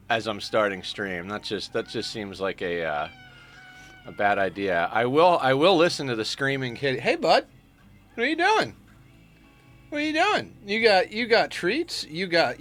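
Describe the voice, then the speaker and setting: Sleepy male streamer, casual and jokey, bright tone, lively up-and-down delivery. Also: medium pitch. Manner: chatty, joking, greets chat by name. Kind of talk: casual livestream chat.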